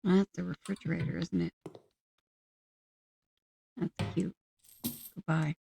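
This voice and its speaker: A woman giving casual gameplay commentary, musing aloud to herself at an unhurried pace. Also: lowish voice, steady tone, vocal fry, dark tone, slight background noise. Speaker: gaming channel host.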